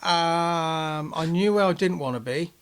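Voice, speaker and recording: A man's voice: fairly high pitch, measured pace, smooth. A man co-hosting a casual podcast, reflective and hesitant with frequent fillers. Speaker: podcast co-host.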